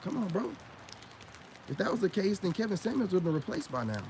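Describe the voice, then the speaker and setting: A man's voice: high-pitched, big pitch swings, quick pace, a little mellow, slight background noise. A man in a casual vlog monologue, giving blunt, preachy advice to men in heavy slang and often asking if you get what he's saying. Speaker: vlogger and self-styled spiritual coach.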